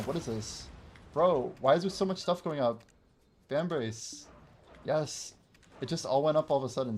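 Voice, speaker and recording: A game streamer with a medium-pitched, darkish voice chats casually while livestreaming, wearing headphones. He answers viewer chat and laughs often, with a little hiss or hum in the audio.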